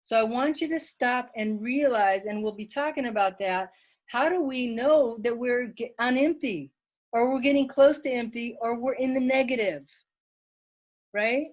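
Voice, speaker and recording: A woman's voice: fairly high pitch, normal speed, a little mellow. A woman giving an online wellness workshop talk from home, chatty and plain-spoken, reading viewer comments aloud.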